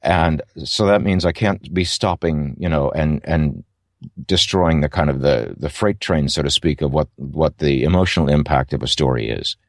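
A man's voice: rumbling low, normal speed, gravelly, dry recording, studio quality. A middle-aged man, an audiobook narrator, giving thoughtful, rambling interview answers with many fillers and restarts.

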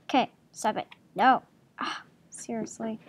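A woman with a fairly high, slightly breathy voice hosts a gaming channel, speaking at a measured pace. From her home computer she gives playful, giggly commentary on the gameplay and talks to the game's creatures.

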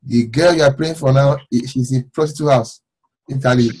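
A man, an apostle, leading fervent prayer and preaching a sermon, repeating phrases and rising to shouts. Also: mid-range voice, fairly quick, husky. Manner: fervent, repetitive, shouting at times.

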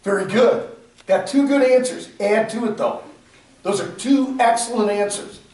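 A man's voice: extremely high pitch, normal speed, a little mellow. A man teaching a ministry class, acting out both sides of conversations and laughing often. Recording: echoey room from far off, faint noise.

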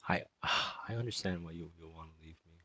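A distraught young male student in an emotional spoken monologue, rambling and halting, with many sighs and fillers. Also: low voice, fairly bright tone, slightly rough, dry recording, low-quality recording.

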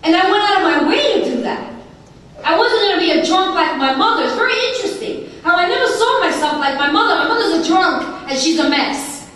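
High-voiced woman testifying in an echoey hall. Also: animated, a little fast, a bit bright, recorded from a distance. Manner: emphatic, repetitive, rhythmic lists. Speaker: recovery meeting speaker. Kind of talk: personal testimony talk. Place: large conference hall.

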